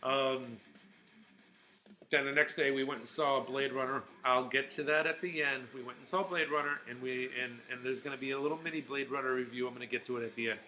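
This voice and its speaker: Bright-voiced chatty man vlogging. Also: medium pitch, steady tone, fairly quick, rough recording. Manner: rambling, chatty, with frequent fillers and restarts. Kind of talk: casual vlog monologue.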